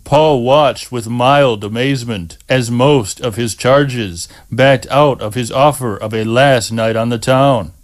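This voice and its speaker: A man narrating an audiobook in a slow, measured reading. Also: mid-range voice.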